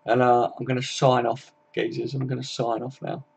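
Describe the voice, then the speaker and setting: A man's voice: medium pitch, little pitch movement, moderate pace, vocal fry, darkish tone, slightly rough. A tired young man chatting casually and swearing freely as he wraps up a football live stream.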